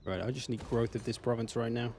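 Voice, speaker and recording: A man's voice: medium pitch, fairly even intonation, fast, vocal fry, darkish tone. A man with an English accent, casually commenting on a strategy game on a live stream, swearing now and then and answering chat. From England. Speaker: gaming streamer.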